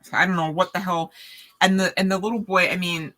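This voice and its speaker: A woman with a low-pitched voice and a bright, forceful edge talks directly to her viewers as she gives a tarot card reading. She keeps it casual and lively, throwing in chatty asides and laughter as she goes. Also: a little fast.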